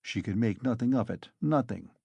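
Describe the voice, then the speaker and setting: Brief: male audiobook narrator, gravelly, dry close sound. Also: medium pitch, lively intonation, moderate pace, dark tone, no echo, lo-fi sound. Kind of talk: scripted narration.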